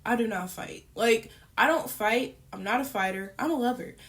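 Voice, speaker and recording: A young woman chatting casually as she tells a personal story to her viewers, animated and full of fillers. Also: fairly high pitch, moderate pace. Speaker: storytime YouTuber.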